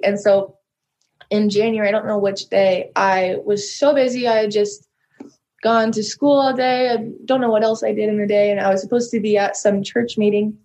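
A woman's voice: fairly high pitch, darkish tone. A young adult woman, a podcast guest, telling a personal story in an earnest, rambling way with lots of "like" and "so". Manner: earnest, rambling, heavy use of "like" and "so".

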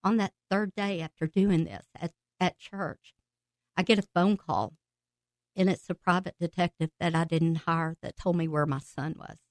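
A woman guest on a podcast telling her personal faith testimony with emotion, laughing and breaking into excited outbursts as she tells it. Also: lowish voice, moderate pace, no room sound.

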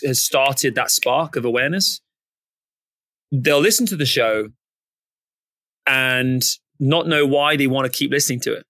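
A man's voice: mid-range voice, bright, forceful tone, no echo. A man co-hosting a podcast in a casual, blokey way, swearing freely and stumbling over restarts. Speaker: podcast co-host. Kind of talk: casual chat.

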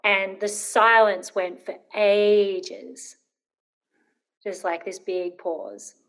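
A woman's voice: medium pitch, lively intonation, very slow, fairly bright tone. A woman in her thirties, an interview guest telling a personal story, hesitant with many ums and rambling when nervous.

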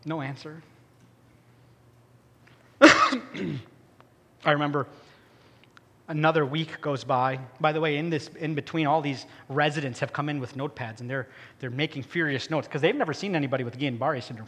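Middle-aged man, personal testimony, fairly high voice, long hall reverb, dramatic storytelling. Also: a little fast, pauses often, breathy edge. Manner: storytelling, dramatic swings from hushed to loud. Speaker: speaker giving testimony.

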